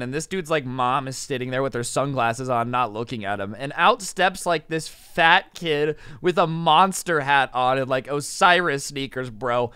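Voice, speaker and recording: A young man telling a story in a casual vlog, rapid and animated, full of "like" and "you know". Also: fairly high pitch, clean tone, no room sound, clean studio sound. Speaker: storytime vlogger.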